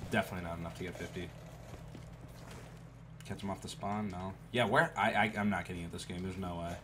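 Lowish-voiced guy trash talking over a shooter game, swears a lot, noisy mic. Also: fairly even intonation, a little fast. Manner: trash-talking, swearing, swings into loud outbursts. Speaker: gaming YouTuber. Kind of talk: gameplay commentary.

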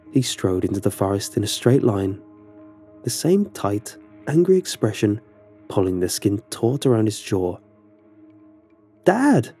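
A man narrating a horror story in a steady, measured way. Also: fairly low pitch, slightly rough, no echo.

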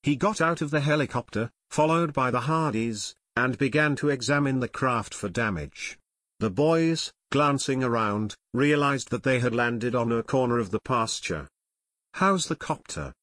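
A man narrating a children's mystery audiobook in measured storytelling. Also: medium pitch, a bit bright, no room sound, studio quality. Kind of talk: scripted narration.

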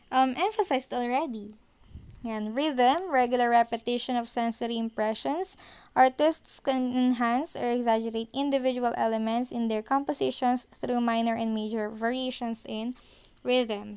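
A woman's voice: on the high side, darkish tone, clear, resonant tone. A woman teacher with a Filipino accent explains art concepts from slides, switching between English and Tagalog and often checking in with her students. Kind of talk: recorded online lecture over slides.

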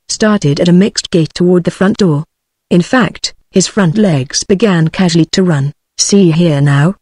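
A woman's voice: on the low side, dry recording. British synthetic woman narrator, dry sound. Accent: British English. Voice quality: even, machine-smooth delivery.

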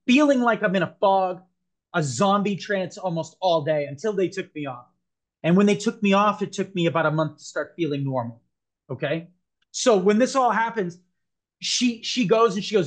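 A man's voice: high-pitched, normal speed. A man as a podcast guest, earnestly telling a personal story, rambling with frequent restarts.

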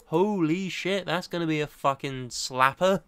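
A man's voice: fairly high pitch, measured pace, fairly bright tone, smooth, no room sound. A man co-hosting a podcast, swearing and joking bluntly in casual banter. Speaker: podcast co-host.

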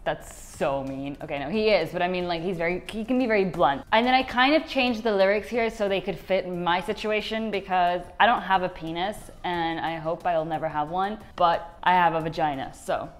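A woman's voice: fairly low pitch, normal speed, hardly any pauses. A young woman vlogging in a chatty, rambling way, often mocking herself. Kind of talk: casual vlog chat.

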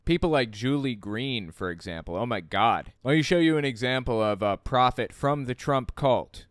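A man with a smooth, resonant voice talks through a book in casual commentary, sounding incredulous and exasperated as he questions what he reads. The recording is close and dry, with no room sound. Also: fairly low pitch, moderate pace, hardly any pauses, no echo. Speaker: host reading a book aloud with commentary.

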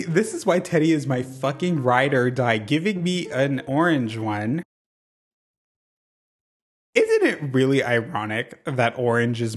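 A man hosting his channel with casual gameplay commentary, sassy and gossipy, swearing freely and swinging from loud bursts to low mutters. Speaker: channel host.

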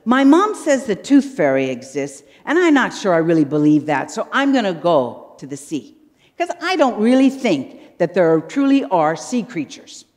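A woman's voice: fairly low pitch, sing-song, moderate pace, darkish tone, voice pushed down. A woman voicing a young girl in a children's story who is proud and doubting. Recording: long church reverb.

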